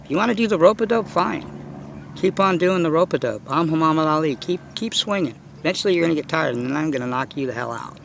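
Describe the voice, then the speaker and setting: A man's voice: a little high, lively intonation, fast, vocal fry, a bit bright, slight background noise. A middle-aged man giving a casual ranting monologue about his hobby, blunt and profane, rambling with lots of fillers. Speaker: RC car hobbyist vlogger. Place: outdoors.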